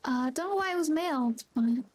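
A woman's voice: high voice, lively intonation, brisk. A woman streaming a video game, chatting casually with her viewers and greeting them by name. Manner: chatty, reads chat aloud, friendly greetings. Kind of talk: casual gameplay chat.

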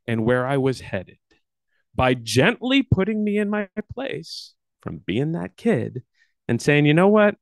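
A man leading a workshop, telling a personal childhood story with big swings in pitch and loudness. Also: dry recording, clean studio sound. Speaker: workshop leader.

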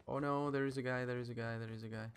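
A man streaming live gameplay, talking excitedly and panicking as he plays. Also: mid-range voice, very fast, slight background noise. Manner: panicky, excitable, swears mildly.

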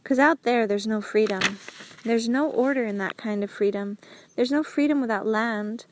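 A woman's voice: fairly high pitch, normal speed, a little mellow, natural voice. A woman voicing an outspoken, earnest male prisoner in an audiobook, blunt and pleading. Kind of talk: audiobook character reading.

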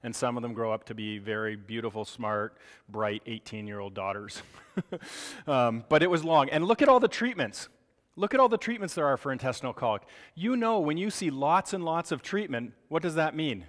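A man in his forties giving a board review lecture, joking and animated, often asking rhetorical questions. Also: medium pitch, normal speed. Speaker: medical lecturer. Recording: long hall reverb.

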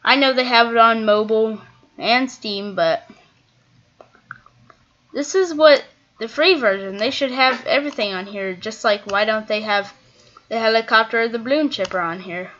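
Chatty gamer thinking aloud, lo-fi mic. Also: female voice, fairly high pitch, normal speed, a bit bright. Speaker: gaming video creator. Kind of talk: casual gameplay commentary. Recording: dull lo-fi mic.

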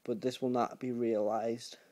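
A man's voice: mid-range voice, level tone, unhurried, darkish tone. A man giving a joking drawing tutorial, rambling and hesitant, with lots of fillers as he explains. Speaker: YouTuber.

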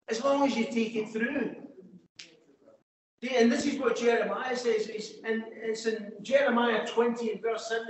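High-voiced preacher in an echoey hall. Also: male voice. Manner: conversational, quoting scripture with emphasis. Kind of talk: sermon. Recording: very echoey hall, faint noise.

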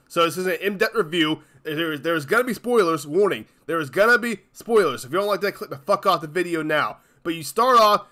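A man with a high, bright voice rants as the host of his own channel. He swears constantly and hammers each point with exasperated emphasis. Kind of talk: angry ranting commentary.

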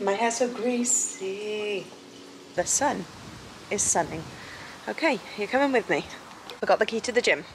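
A woman, a mother and vlogger, chatting casually in a playful, animated way. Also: mid-range voice, slight background noise. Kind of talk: casual vlog chat. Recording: roomy echo.

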